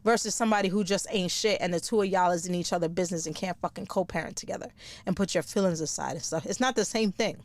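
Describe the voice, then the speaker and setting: Speaking fast in a fairly low voice, a middle-aged comedian rants profanely on the podcast she hosts. She's blunt, swears constantly, and cracks herself up with her own jokes.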